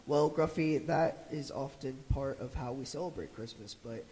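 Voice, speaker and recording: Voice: medium pitch, normal speed, long reverb tail, natural voice, low-quality recording. Someone playing a patient jungle narrator. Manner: patient, gently correcting. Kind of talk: church Christmas puppet skit. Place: church sanctuary.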